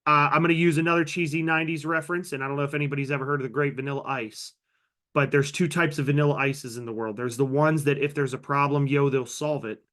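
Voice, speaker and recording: A man's voice: a little high, a bit bright. A man teaching a live online workshop on a video call, upbeat and conversational, calling out participants by name and sharing personal stories. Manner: upbeat, reads participant names from chat. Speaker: workshop trainer. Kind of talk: live online training session.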